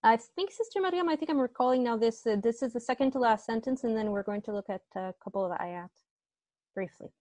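Woman, online grammar teacher, slightly high voice, dry close sound, chatty, self-correcting. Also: quick pace, a little mellow, dry recording. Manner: chatty, self-correcting, asks class to confirm. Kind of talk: online class instruction.

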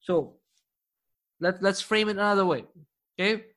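A man leads a classroom grammar lesson, his voice pitched high and ringing bright. He checks in with the students often and praises them warmly. When a key term comes up, he slows right down to spell it out. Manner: patient, quizzing students with frequent checks and praise; slows down to dictate key terms. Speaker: Arabic grammar teacher.

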